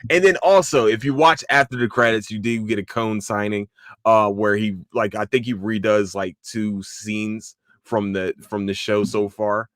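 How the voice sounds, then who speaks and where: Low-ish guy rambling excitedly on his podcast, cusses a lot, lots of um and like, dry close sound. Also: normal speed, dry recording. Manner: excitable, swears often, many fillers and restarts. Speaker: podcast host. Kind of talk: casual solo anime review podcast.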